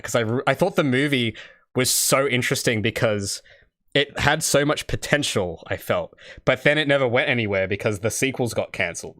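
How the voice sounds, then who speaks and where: On his game dev livestream, a young Australian indie developer chats casually, rambling and answering chat. His medium-pitched voice is pushed and bright, at a moderate pace.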